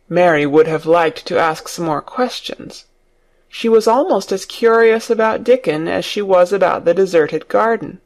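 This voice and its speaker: A man reading an audiobook story aloud for English learners, in a slow, clear narrating manner. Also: sits high.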